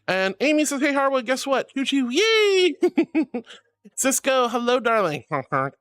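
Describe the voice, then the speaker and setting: A woman streaming as a VTuber, casually reading chat with bubbly, affectionate warmth, calling viewers sweetie and honey. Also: big pitch swings, normal speed. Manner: playful, swings between squeaky highs and low mutters.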